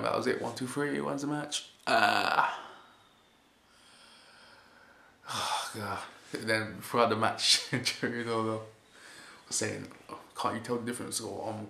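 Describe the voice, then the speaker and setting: In an echoey room with faint hiss, a man rambles through a casual recap of a wrestling show, repeating "basically" and chuckling often. His voice is lowish and a bit bright, with vocal fry.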